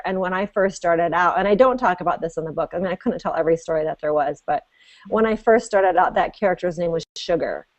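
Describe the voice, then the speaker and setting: A woman's voice: lowish voice, dry recording, highs cut off. A woman guest on a web show, giving chatty, emphatic business advice with lots of "like" and restarts. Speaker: guest, author and business coach. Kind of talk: casual interview on a web show.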